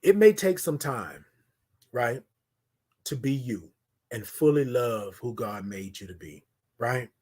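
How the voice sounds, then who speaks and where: A man hosting a live-streamed morning show, talking in a preachy, affirming way, repeating his lines and swinging from loud to hushed. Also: mid-range voice, lively intonation, takes it slowly, long pauses, husky. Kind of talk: motivational live-stream talk.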